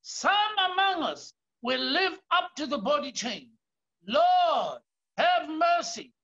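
South African male pastor, high bright voice, slow deliberate sermon delivery, dull lo-fi recording. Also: big pitch swings. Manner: emphatic preaching, often raising his voice and stretching key words.

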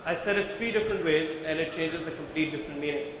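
A man's voice: on the high side, fast talker, fairly bright tone. Man lecturing in an echoey hall. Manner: engaging, quizzes the audience, explains step by step. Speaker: visual merchandising trainer. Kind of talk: workshop lecture with audience questions. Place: large conference hall with a live audience. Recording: very echoey hall, faint background noise.

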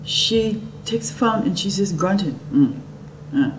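A middle-aged woman recounts a personal story in an animated way, dropping at times into near-whispers. Her voice sits at a mid pitch and is heard from some distance off the mic. A clear, noisy background hum runs underneath. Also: unhurried. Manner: animated, dips into soft whispers. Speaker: speaker telling a personal story.

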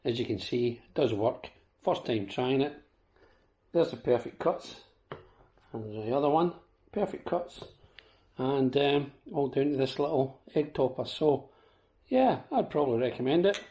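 A man's voice: medium pitch, lively intonation, a little slow, dark tone. A Scottish man with a sore throat giving a casual, chatty product demo and talking to viewers as folks. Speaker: vlogger.

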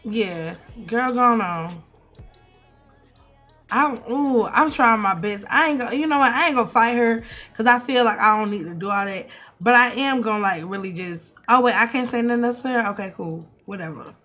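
Animated high-voiced woman gaming streamer. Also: moderate pace. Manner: animated, swearing, mock-outraged. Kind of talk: casual gameplay commentary.

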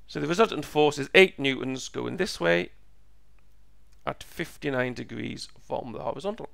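A man teaching a step-by-step physics lesson, slow and patient, repeating each step, his voice croaky and going hoarse. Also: fairly high pitch, fairly bright tone, no room sound, clean studio sound. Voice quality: gravelly, croaky.

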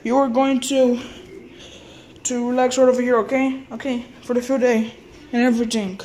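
A woman acting out a classroom with toys, talking haltingly and repeating herself. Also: fairly high pitch, flat delivery, a little mellow, slight background noise. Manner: halting, repeats words and restarts often. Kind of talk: toy role-play as a teacher.

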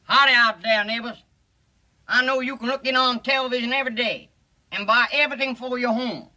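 An actor playing a giggly, hard-selling TV cigarette pitchman in a 1950s film comedy. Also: steady tone, a little fast, bright, forceful tone, heavily acted, poor audio.

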